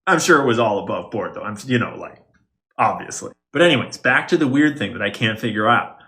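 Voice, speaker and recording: A man's voice: fairly low pitch, expressive, a little fast, pushed and bright. Man wryly explaining a conspiracy theory. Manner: wry, conspiratorial explaining with sarcastic asides. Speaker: online commentator. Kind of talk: explainer monologue.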